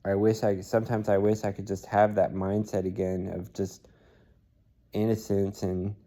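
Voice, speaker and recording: A weary man talking in a personal video diary, halting and soft-spoken, with many fillers and restarts. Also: fairly low pitch, little pitch movement. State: weary and tired. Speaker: vlogger.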